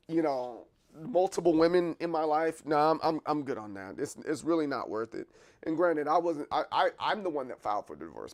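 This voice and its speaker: Slightly high-voiced male streamer, loose chat. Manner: loose and opinionated, reacting to chat. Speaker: livestream host. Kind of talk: casual livestream chat.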